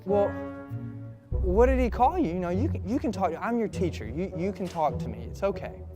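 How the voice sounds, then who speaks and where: A man voicing a gently coaxing teacher. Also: high-pitched, animated, normal speed, over music. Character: patient female schoolteacher.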